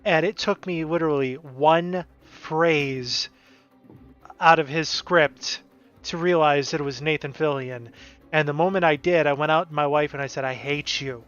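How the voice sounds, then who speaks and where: A man's voice: a little high, moderate pace, fairly bright tone, clear, resonant tone. A man co-hosting a live stream, chatting casually and telling a rambling story with many restarts and asides. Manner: rambling, self-interrupting storyteller. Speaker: stream co-host. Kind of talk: casual chat. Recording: dull lo-fi stream audio with music.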